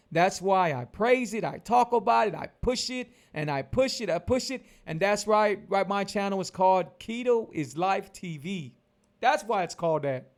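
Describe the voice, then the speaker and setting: Man in his forties, diet vlogger; high gravelly voice, emphatic, repeats every point. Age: 40s. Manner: emphatic, repetitive, preachy. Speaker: keto lifestyle vlogger. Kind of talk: casual motivational vlog talk.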